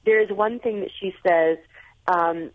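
An American woman speaking as a guest on a radio call-in show, heard over a thin, tinny phone line. She talks chattily at a medium pitch and often restarts her sentences as she thinks aloud. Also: fairly even intonation, measured pace. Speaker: guest author.

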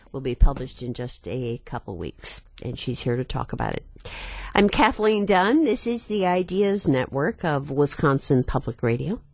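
A woman hosts a call-in show from a radio studio, speaking in a gracious, measured way. Her voice is low for a woman. The sound is close and dry. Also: darkish tone, no room sound.

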